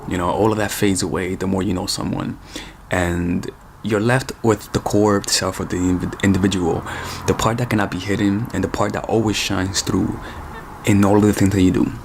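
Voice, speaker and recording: A man with a low, gravelly voice talks straight to the camera as a dating coach. He is casual and blunt and calls his viewers "ladies." Steady background noise runs under the whole recording. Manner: direct, informal, addresses viewers as ladies. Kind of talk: casual advice monologue. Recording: noisy background.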